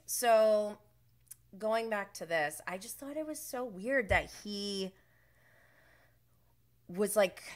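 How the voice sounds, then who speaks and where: Her medium-pitched voice sounds pushed and bright as she hosts a laid-back podcast recapping a reality show. She wanders chattily, laughs frequently and does impressions of the people involved.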